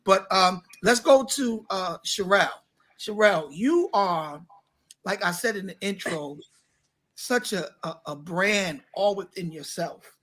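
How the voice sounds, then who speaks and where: A man who is a pastor, hosting a casual talk show and warmly bringing guests to the stage. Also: high voice, measured pace. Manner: lively, hypes up guests. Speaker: pastor and host.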